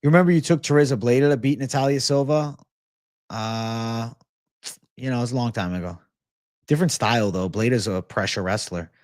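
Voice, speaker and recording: A man's voice: mid-range voice, fairly quick, darkish tone, no room sound, studio quality. Laid-back swearing young man. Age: 20s. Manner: laid-back, swears often, reads chat aloud. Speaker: host of a livestream Q&A. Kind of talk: casual livestream chat.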